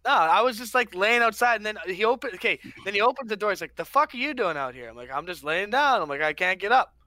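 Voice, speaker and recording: A man's voice: high-pitched, expressive, quick pace, bright, forceful tone, dry recording. A young man on a podcast with friends, rambling through a mock-dramatic story and acting out what people said. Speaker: podcast co-host. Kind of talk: casual chat.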